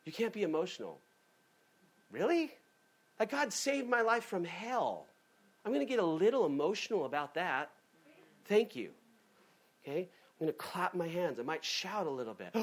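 A man preaching a sermon in a lively, conversational way, often breaking off and restarting his sentences. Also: fairly high pitch. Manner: animated, conversational, self-interrupting. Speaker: pastor.

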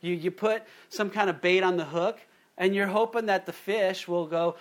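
A middle-aged pastor delivers a sermon in a voice pitched notably high for a man. He is a lively storyteller, slipping into different voices to act out the quotes he tells. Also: moderate pace.

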